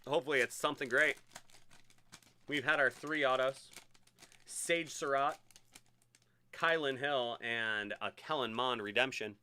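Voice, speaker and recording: A man hosting a live-streamed sports card break, chatty and excitable as he hypes each card he pulls. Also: mid-range voice, measured pace, pauses often, clean tone.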